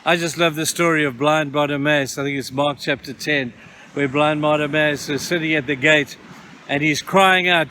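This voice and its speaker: Bright-voiced pastor preaching outdoors. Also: male voice, a little high, fairly even intonation, moderate pace, slight background noise. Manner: storytelling, acts out voices in scripture stories. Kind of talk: outdoor devotional talk. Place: outdoors at a beach.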